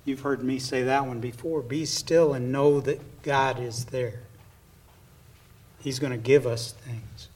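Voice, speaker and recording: A man preaches a sermon at an unhurried pace. His delivery is earnest, and now and then he drops to a hushed aside. The voice is picked up from some distance away from the mic. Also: mid-range voice, steady tone. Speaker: pastor.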